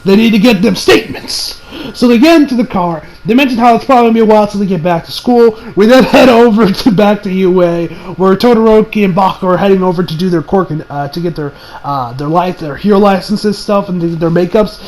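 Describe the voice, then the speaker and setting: A young man with a high, light voice recaps an anime episode in loose, rambling chat. He gets excitable, swears freely and fills his talk with "you know". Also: fast talker, low-quality recording. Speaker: anime reviewer.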